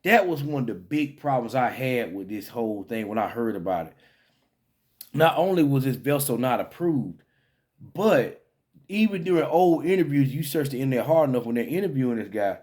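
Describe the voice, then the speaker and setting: A man's voice: medium pitch, expressive, fairly quick, a little mellow. A man giving casual, rambling commentary to his own channel, full of fillers and restarts, with an incredulous, head-shaking tone. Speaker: vlogger.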